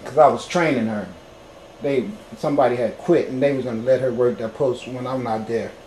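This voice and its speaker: A man telling his own story to viewers in a casual, animated way, swearing freely and getting loud when excited. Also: medium pitch, brisk, a little hiss or hum. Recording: roomy echo, faint background ambience.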